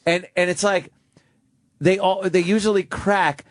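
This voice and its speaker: A man's voice: high voice, steady tone, no echo, clean studio sound. A man in casual radio talk show chat, riffing conversationally and mimicking the people he describes. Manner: conversational, mimics cops and suspects with quick voice shifts. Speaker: radio show co-host or guest.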